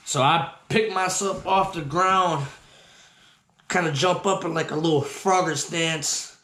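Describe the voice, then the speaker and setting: A man hosting his own show, telling a personal story in a profane, slangy, animated way. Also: high voice, moderate pace. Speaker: host. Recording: roomy echo.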